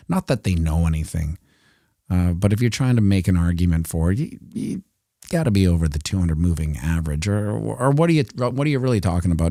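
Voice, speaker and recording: Low, dark-voiced Canadian man rambling. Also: no echo, clean studio sound. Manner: rambling, jokey asides. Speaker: crypto chart commentator. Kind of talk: casual market commentary livestream.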